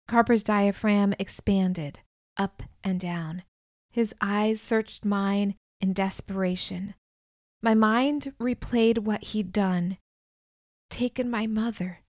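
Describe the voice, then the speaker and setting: A woman narrating a first-person audiobook in a measured, calm, deliberate way, recorded on a close studio mic. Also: medium pitch, no room sound.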